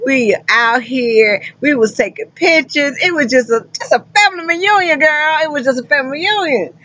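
A woman's voice: high voice, lively intonation, fairly quick, fairly bright tone, lo-fi sound. A woman truck driver and recruiter talking casually to her viewers, effusive and folksy, calling them honey and child. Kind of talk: casual vlog talk to viewers.

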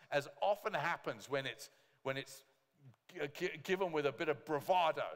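A man preaching a sermon as pastor, lively, with joking asides to the congregation. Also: fairly high pitch, clean tone, big-room sound. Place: church hall.

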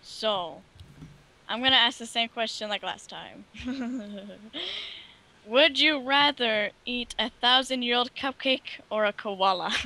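Young female caller, giggly, high, slow-spoken. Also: bright, forceful tone. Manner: giggly, hesitant. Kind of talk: casual call-in.

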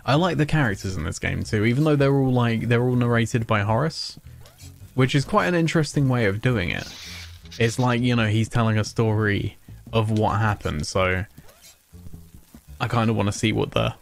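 A man's voice: medium pitch, moderate pace, gravelly, faint music behind. A man streaming a video game, chatting casually in a rambling, self-mocking way with frequent chuckles. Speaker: gaming streamer. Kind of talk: casual let's-play commentary.

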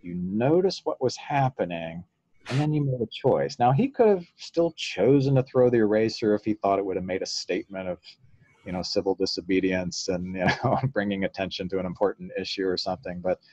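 A man's voice: deep voice, fairly quick, dry recording, muffled recording. A man, a psychologist guest in an interview, explaining ideas through stories and often chuckling. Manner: relaxed storyteller, acts out quotes, chuckles often.

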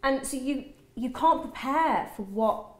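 A woman guest with a slightly high voice, talking through her thoughts in a casual chat. She sounds earnest and reflective, and the recording has a roomy, echoey sound. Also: expressive, unhurried. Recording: roomy echo.

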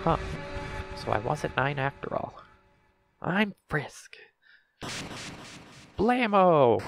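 A man's voice: on the high side, very animated, drawn-out words, vocal fry, long pauses. A man playing a video game and reacting to it, casual and surprised. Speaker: let's play gamer.

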